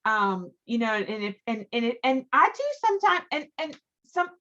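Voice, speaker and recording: A woman's voice: a little high, big pitch swings, moderate pace, sharp tone, muffled recording. A middle-aged woman leading a team training call, talking in a chatty, emphatic way that often repeats words for stress. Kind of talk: motivational training talk.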